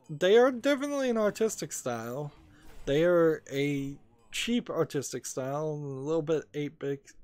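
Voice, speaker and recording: A man's voice: a little high, darkish tone, dry recording. A man casually talking over his gaming video as a small YouTube creator, rambling and hesitant with many fillers, a little sleepy.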